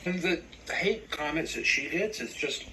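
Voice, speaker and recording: A man ranting on a vlog in a sarcastic, animated, complaining way. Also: on the high side, unhurried, slight background noise, low-quality recording. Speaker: vlogger. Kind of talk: casual vlog rant.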